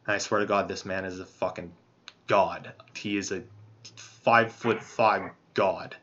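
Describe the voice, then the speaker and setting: A man with a bright, forceful voice tells a long personal story in loose, profane podcast chat. He rambles and circles back while he thinks out loud. The sound is dull and lo-fi. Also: low voice, fairly even intonation, measured pace. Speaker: podcast host.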